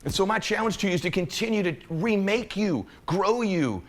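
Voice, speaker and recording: A middle-aged man delivers a motivational speech in a voice pitched a touch higher than most men's. He talks with passion, pressing hard on some points and dropping to a hushed, intimate tone on others. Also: animated, normal speed. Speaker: motivational speaker.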